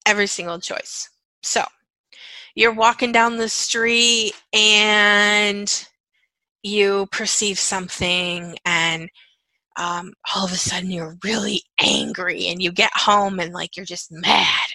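A woman leads a guided self-help talk with a gravelly edge to her voice. She repeats phrases like a chant, and her delivery is conversational and full of check-ins. Her tone is bright and the sound is very dry. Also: medium pitch, little pitch movement, slow, no room sound, poor audio. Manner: conversational, frequent "okay" and "right". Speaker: energy-clearing facilitator.

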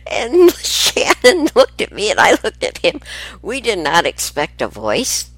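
A woman's voice: medium pitch, wildly swooping pitch, measured pace, fairly bright tone, slightly rough, dry recording. An older woman telling family stories in a casual, rambling way, often laughing and getting sidetracked.

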